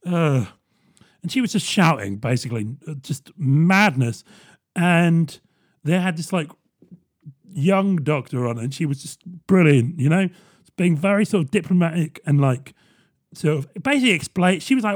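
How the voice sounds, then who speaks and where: A man's voice: fairly high pitch, lively intonation, moderate pace. A young man, ranting casually and sarcastically, swearing and mocking people in put-on voices. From England.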